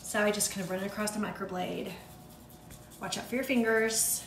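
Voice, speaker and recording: A woman's voice: mid-range voice, fairly even intonation, brisk, vocal fry, a little hiss or hum. A woman hosting a cooking show, chatting casually with viewers as she talks them through each step. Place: home kitchen. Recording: echoey kitchen, mic at a distance, clattering dishes.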